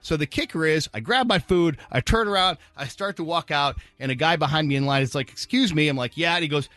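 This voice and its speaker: A man's voice: fairly high pitch, fast talker, fairly bright tone, no room sound. A man hosting a radio morning show, telling a story in casual on-air chat and acting out both sides of the dialogue. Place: radio studio.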